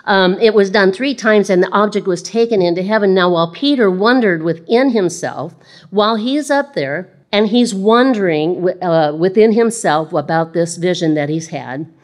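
A woman's voice: mid-range voice, normal speed. A woman preaching a sermon in a conversational way, reading scripture aloud and repeating phrases.

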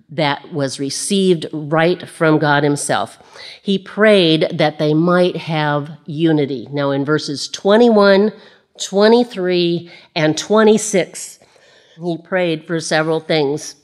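A woman preaching a sermon, chatty with self-deprecating asides, slowing down to read verses aloud. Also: deep voice. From Illinois. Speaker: Bible teacher.

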